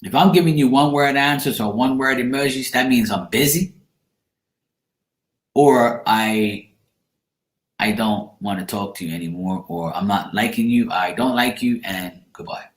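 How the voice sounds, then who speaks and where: Guy rambling to his stream chat, mid pitch, echoey room. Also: measured pace. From Bermuda. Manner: rambling, chatty, answers chat comments by name. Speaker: tarot reader on a live stream. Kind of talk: casual chat with live viewers.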